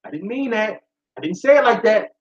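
A man's voice: high voice, lively intonation, fairly quick. A man mimicking a timid, overly polite man who speaks stiffly and nasally to authority, recorded in an echoey room with a dull sound. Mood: meek formal. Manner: stiff, formal, apologetic.

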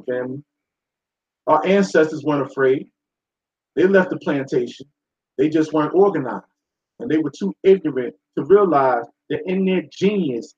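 A man hosting a talk show, delivering a blunt, profane, preachy monologue to his listeners. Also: on the high side. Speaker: show host. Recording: echoey room, dull sound.

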